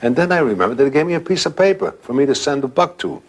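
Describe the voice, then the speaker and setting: A man's voice: fairly high pitch, animated, very fast. An older man telling a ghost story from his own life in a conversational way.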